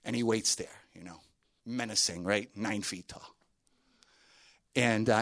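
A man's voice: fairly low pitch, unhurried, creaky, pauses often, fairly bright tone. A man telling a story in a sermon to a group, conversational, with many fillers and asides.

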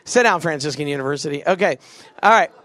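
A young man leading a big youth crowd through a game, joking and doing quick silly voices. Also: a little high, lively intonation, a bit bright, no room sound. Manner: goofy, quick asides, acts out voices. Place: event venue with a live audience.

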